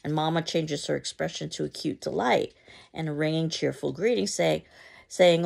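Gravelly low-voiced woman teaching. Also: normal speed, a little mellow. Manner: explanatory, with fillers. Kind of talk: lecture reading a play aloud.

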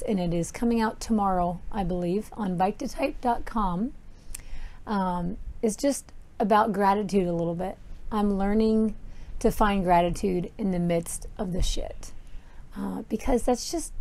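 A woman's voice: medium pitch, darkish tone. A woman hosting a podcast outdoors by a horse corral, talking in a rambling, candid way with lots of "like"s and casual swearing. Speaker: podcast host. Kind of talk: casual chat. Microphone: podcast microphone outdoors.

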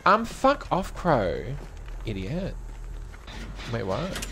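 A young streamer's mid-range voice swoops wildly in pitch while he talks extremely slowly over a noisy background. Commenting on his game, he's camp and sassy, swearing freely, with bursts of shrieking and laughter.

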